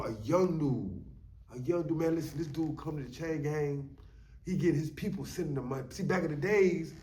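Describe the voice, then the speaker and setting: A man's voice: on the high side, darkish tone, distant mic. A man telling stories from prison in a loose, casual way, often saying "you know what I'm saying". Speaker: storyteller sharing his prison experience. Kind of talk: casual storytelling monologue. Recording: echoey room, voice a bit off-mic.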